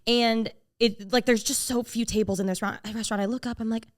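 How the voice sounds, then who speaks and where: A young woman tells a story on a podcast in a loose, chatty way, with plenty of "like" and "you know". Her voice sits a little high and leaps around as she acts out what other people said. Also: brisk. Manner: animated, quotes people in shifting voices, many "like" fillers. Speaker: podcast co-host. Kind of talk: casual storytelling chat.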